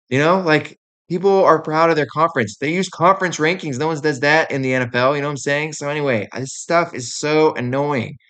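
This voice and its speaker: A man's voice: a little high, fairly bright tone. A young man hosting a sports show, ranting in a casual, exasperated way with lots of fillers. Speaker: podcast host. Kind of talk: opinionated sports rant.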